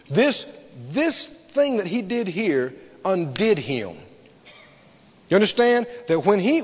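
High lively preacher guy, emphatic sermon, dull muffled hall echo. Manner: emphatic, repetitive, swings from loud to soft. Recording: dull sound, long hall reverb.

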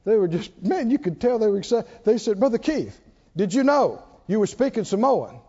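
A man preaching a sermon as pastor of a church, animated, calling out hallelujahs. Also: high-pitched, moderate pace. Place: church sanctuary. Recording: dull sound, long hall reverb.

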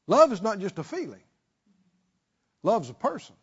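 A pastor preaching a sermon, leading the congregation in call-and-response and swinging between shouted and hushed lines. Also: male voice, high voice, huge pitch swings, moderate pace, husky, dull audio.

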